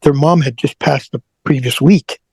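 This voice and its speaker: A man's voice: fairly high pitch, normal speed, gravelly, a little mellow, husky, no room sound. A man who is a guest on an interview show, telling a personal story earnestly and often repeating his words.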